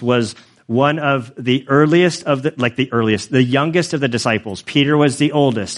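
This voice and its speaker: Conversational male pastor preaching. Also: mid-range voice. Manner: conversational, storytelling with self-corrections. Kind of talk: sermon.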